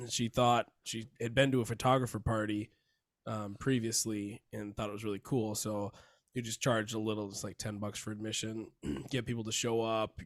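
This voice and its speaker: A man's voice: lowish voice, no room sound. Rambling man in a dry room. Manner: rambling, halting, restarts and throat clearing. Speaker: podcast co-host. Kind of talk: casual chat.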